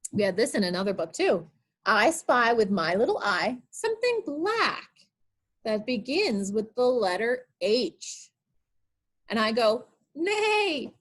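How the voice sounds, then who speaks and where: High, lively woman reading to small children. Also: slightly rough. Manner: sing-song, coaxing questions to children. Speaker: children's librarian. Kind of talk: online storytime reading picture books to small children.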